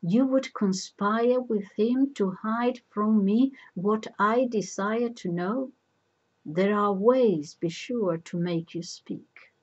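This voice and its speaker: A woman voicing a proud, demanding king in a storybook reading, with a husky voice. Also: medium pitch, expressive, slow, warm tone, highs cut off. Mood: angry. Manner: demanding, commanding.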